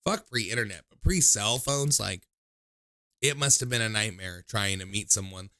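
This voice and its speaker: Taking call-ins on his livestream, a young male host rambles through casual, profane stories full of filler words and quotes people by mimicking them in high voices. His voice is bright and forceful at a normal speed, recorded in studio quality with no room sound.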